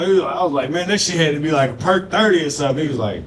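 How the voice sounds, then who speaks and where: A man's voice: fairly high pitch, very fast, a little hiss or hum. A man doing a loose, profane stand-up comedy set on a club stage, working the crowd. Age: adult with a grown daughter.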